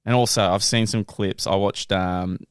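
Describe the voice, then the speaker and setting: A young man co-hosting a podcast, telling stories in an animated way, laughing and swearing casually. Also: low-pitched, normal speed, clear, resonant tone, no echo, clean studio sound. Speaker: podcast co-host. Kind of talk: casual chat.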